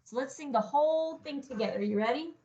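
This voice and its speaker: A woman's voice: high-pitched, brisk, dark tone, muffled recording. A woman music teacher leading an online lesson, singing short phrases for children to echo and cheering them on, a little self-deprecating.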